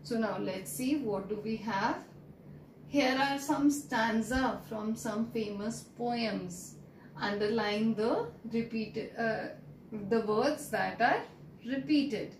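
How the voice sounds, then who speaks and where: A woman with an Indian English accent, a primary school teacher giving a lesson and drilling words slowly with stressed vowels. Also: a little high. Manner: slow, drawn-out word drills with stressed vowels. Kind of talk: online classroom lesson. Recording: echoey room, distant mic, faint noise.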